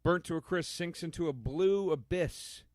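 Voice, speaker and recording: A man's voice: on the high side, normal speed, no room sound. Crude wisecracking man on a dry mic. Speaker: podcast co-host. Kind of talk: comedy podcast banter.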